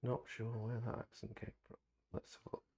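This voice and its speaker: A man's voice: mid-range voice, little pitch movement, a little fast, vocal fry, background noise. A man playing a tabletop wargame, planning moves and trading dry, teasing banter with his opponent in casual commentary.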